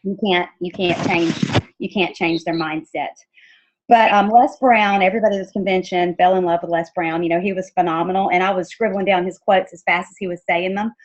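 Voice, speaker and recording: A woman's voice: lowish voice, fairly even intonation, fairly quick, slight background noise. A woman chatting casually and upbeat, acting out the people she quotes. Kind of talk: casual chat. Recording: dull lo-fi audio.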